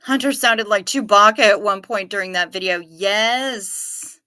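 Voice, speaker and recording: A woman's voice: medium pitch, a little slow, pushed and bright, no room sound, studio quality. A woman hosting a casual livestream, chatting and reading out viewer comments as she answers them. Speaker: livestream host.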